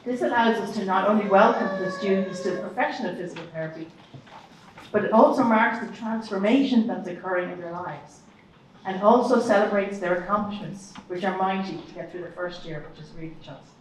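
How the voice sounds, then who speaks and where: A woman department head giving a formal, measured welcome address at a ceremony. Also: mid-range voice. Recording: echoey hall, distant mic, faint noise.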